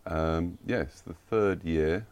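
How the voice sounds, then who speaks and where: A man who organises events, chatting on a podcast with dry, deadpan humour. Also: low-pitched, extremely slow. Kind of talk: casual podcast chat.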